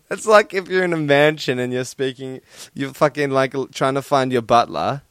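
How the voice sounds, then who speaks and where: Young male podcast host, crude and profane, talks slowly with a smooth, clear voice; dry, close sound. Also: mid-range voice, a bit bright, no room sound. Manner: crude, profane and laughing, with lots of fillers. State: sunburnt and hot. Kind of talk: casual solo podcast rant. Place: his room at home.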